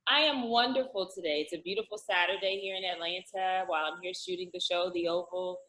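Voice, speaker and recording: Lively woman with a lowish voice, echoey room. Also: fairly quick. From Louisiana, USA. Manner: animated, laughs often, acts out quotes. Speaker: actress, interview guest. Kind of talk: casual interview chat.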